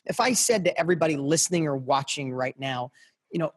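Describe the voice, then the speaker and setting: A middle-aged man with a fairly high, husky voice, speaking as a podcast guest. He tells his story in an impassioned motivational style. He punches his points home by repeating them and turns to address the listener directly. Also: animated, fast talker. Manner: passionate, emphatic, repeats phrases for punch.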